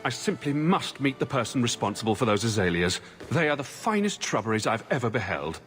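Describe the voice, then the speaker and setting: A sarcastic game hero. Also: male voice, medium pitch, big pitch swings, a little fast, fairly bright tone, faint music behind. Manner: sarcastic, mock-posh. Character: dry-witted male hero, playful and sarcastic.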